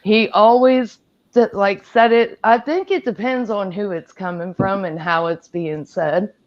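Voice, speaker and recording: A woman's voice: mid-range voice, unhurried, muffled recording. A woman from Appalachia chatting frankly as a guest on a livestream. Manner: frank, chatty, laughs easily. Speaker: guest panelist. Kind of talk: casual chat.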